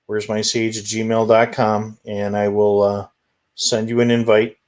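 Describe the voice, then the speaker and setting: A man co-hosting a live stream, making plain, unhurried announcements with filler ums. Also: lowish voice, monotone, a little mellow. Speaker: co-host. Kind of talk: casual live-stream chat.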